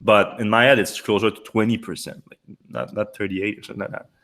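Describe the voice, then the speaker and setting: A man hosting a casual podcast chat, slightly hoarse from being a little sick and talking in halting bursts with many restarts. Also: lowish voice, fairly even intonation, fairly bright tone. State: losing his voice, a little sick. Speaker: podcast host.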